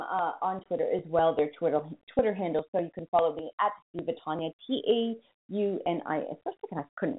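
A woman with a Boston accent hosting a music radio show, chatting casually, joking at herself and spelling out names. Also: on the low side. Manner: chatty, self-mocking, spells names aloud. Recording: tinny phone-like sound.

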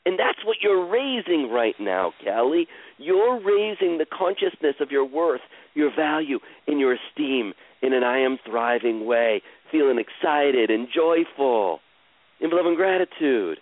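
A man coaching a caller through her feelings in a live session, with slow, soothing, repetitive guidance. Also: fairly high pitch, lively intonation, narrow, tinny audio.

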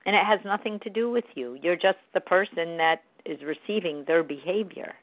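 A self-help speaker giving a reflective spoken monologue in an earnest, gently coaching manner. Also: medium pitch, normal speed, dry recording. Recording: tinny phone-like dry recording.

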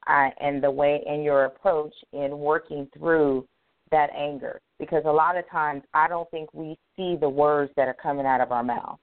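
A woman's voice: deep voice, fairly even intonation, normal speed, no echo. A woman on a church women's panel, responding reflectively and affirming another speaker. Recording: tinny phone-line audio.

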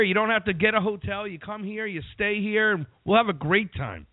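A man hosting a radio interview, asking questions in a casual, chatty way with halting restarts. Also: high-pitched, dry recording. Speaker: radio host. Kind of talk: phone interview. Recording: tinny phone-quality sound.

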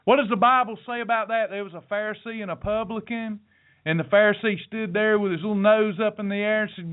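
A man's voice: high-pitched, fairly even intonation, a little fast. Man preaching over a tinny line. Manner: folksy, sermon-like, addresses listeners directly. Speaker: podcast host. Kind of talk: preachy motivational talk. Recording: tinny phone-like audio.

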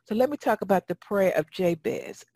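A woman's voice: mid-range voice, animated, moderate pace, dark tone, no echo. A woman giving a Bible teaching in a folksy, emphatic way and reading scripture aloud. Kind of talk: sermon teaching.

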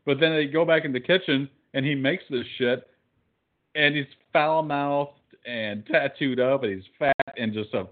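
A man's voice: mid-range voice, normal speed. A man co-hosting a podcast, eagerly recommending things in casual banter. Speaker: podcast co-host. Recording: tinny phone-like sound.

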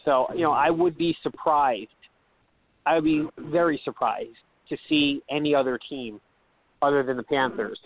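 A man co-hosting a sports radio talk show, mumbling and halting, repeating himself as he talks. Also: on the high side, fairly even intonation. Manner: halting, repeats words, hard to hear. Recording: dry, phone-like line.

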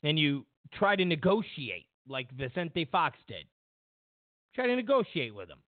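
A man's voice: a little high, huge pitch swings, a little slow, no echo. A man hosting a political commentary show, rambling with many fillers and restarts and mimicking others mockingly. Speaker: show host. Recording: dry tinny phone-like sound.

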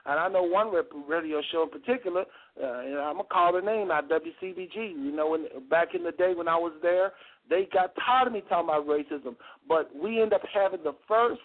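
High-voiced man hosting call-in radio. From United States. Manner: emphatic, repeats phrases, argumentative. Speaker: radio talk show host. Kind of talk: heated call-in radio talk. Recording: tinny phone-line radio audio.

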